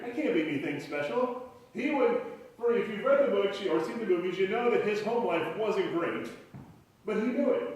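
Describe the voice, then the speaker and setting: A man preaches in a loose, chatty way, stacking fillers and restarts, his voice sitting fairly high for a man. He sounds distant from the microphone, and the large church space adds heavy echo. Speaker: pastor. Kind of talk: conversational sermon. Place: church sanctuary. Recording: very echoey hall, voice far from mic.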